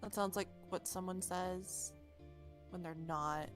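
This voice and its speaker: A woman voicing a sardonic young adult cat woman in a game playthrough, in a dry, deadpan manner close to her own voice. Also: lowish voice, slow, faint music behind.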